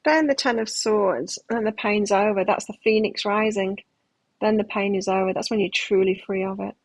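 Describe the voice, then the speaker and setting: A woman's voice: medium pitch, steady tone, normal speed, rough recording. A middle-aged woman giving a live tarot reading, talking in a reflective, self-help manner with frequent restarts. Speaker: tarot reader.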